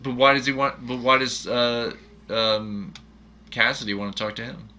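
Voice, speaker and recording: A man in casual chat about a movie, animated and jokey, firing off quick questions. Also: medium pitch.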